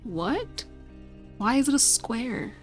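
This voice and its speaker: A gaming streamer chats casually to herself at her computer, getting exasperated and swearing at the game she's playing. Her medium-pitched voice is expressive and measured, with faint music behind her.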